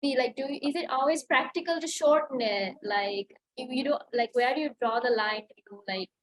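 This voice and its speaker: A woman's voice: high voice, moderate pace, slight background noise, poor audio. A young woman student asking her teacher a question, hesitant and full of 'like'.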